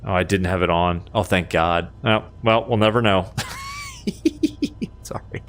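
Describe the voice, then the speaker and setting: A man's voice: low voice, measured pace, fairly bright tone. A man giving chatty, self-mocking live commentary as a flight sim streamer, laughing often at himself.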